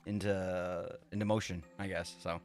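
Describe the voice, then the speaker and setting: A man's voice: low-pitched, level tone, a little slow, soft background music. A man chatting casually with his live-stream viewers while he builds in a game, rambling, laughing often and swearing freely.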